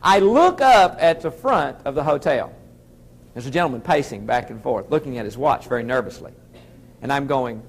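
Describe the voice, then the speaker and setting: A middle-aged man with a Southern American accent gives a storytelling keynote, spinning a folksy tale for an audience as a motivational speaker. His voice is a little high and sing-song, at a normal speed.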